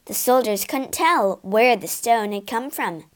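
Slow, expressive woman reading a story. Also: on the high side. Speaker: storybook narrator. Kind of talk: scripted narration for English learners.

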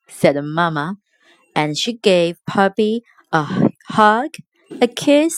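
A woman storyteller who hosts the show and reads a picture book aloud in a slow, expressive way. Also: mid-range voice, no echo, low-quality recording.

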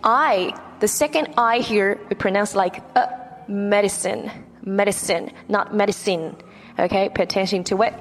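A woman's voice: medium pitch, moderate pace, long reverb tail, slight background noise. A woman teaching English vocabulary, repeating each word and checking in with "okay?" after nearly every point. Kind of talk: vocabulary lesson.

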